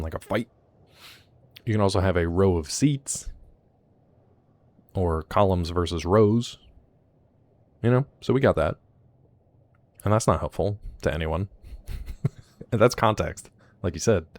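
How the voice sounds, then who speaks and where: Brief: male game streamer, very deep voice, casual joking commentary, talks to chat. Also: a little mellow, dry recording. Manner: chatty and joking, reacting aloud and talking to chat. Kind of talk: casual live gameplay commentary.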